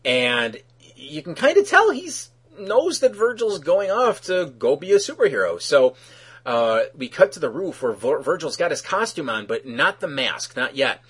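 A man casually recapping a cartoon episode in a conversational, halting way, with fillers and asides. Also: a little high, big pitch swings, fairly bright tone, breathy edge.

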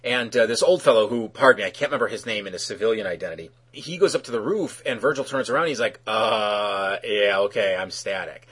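A man casually recapping a cartoon episode in a conversational, halting way, with fillers and asides. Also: mid-range voice, lively intonation, fairly bright tone, breathy edge.

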